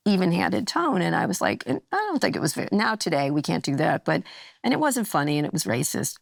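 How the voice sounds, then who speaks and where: A woman's voice: lowish voice, very animated, fast, creaky, dry recording, clean studio sound. A woman in her sixties telling a story in casual conversation as a podcast guest, blunt and a little profane, acting out the voices of the people she quotes. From United States. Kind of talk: casual chat.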